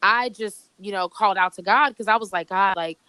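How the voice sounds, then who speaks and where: A woman comedian, a podcast guest speaking by phone, telling a story in an animated way with many restarts. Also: medium pitch, brisk, clear, resonant tone, no echo, rough recording. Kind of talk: casual chat.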